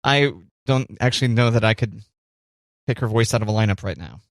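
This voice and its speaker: A man's voice: fairly low pitch, fairly quick, no room sound, studio quality. A man co-hosting a radio show in casual banter, teasing and jokey, rambling a little.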